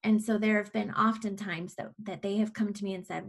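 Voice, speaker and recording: A woman's voice: mid-range voice, steady tone, fairly quick, few pauses. A woman in her forties, a podcast guest, telling a personal story in a candid, reflective way with frequent restarts.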